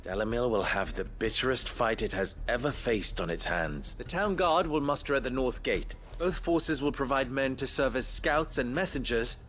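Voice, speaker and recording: A formal male commander in a game cutscene, played by an actor, laying out a battle plan in a firm, commanding way. His pitch sits at a middle level. Faint ambience hums behind him. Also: fairly bright tone, slight background noise, natural voice. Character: resolute male commander rallying his town. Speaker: town leader in a video game.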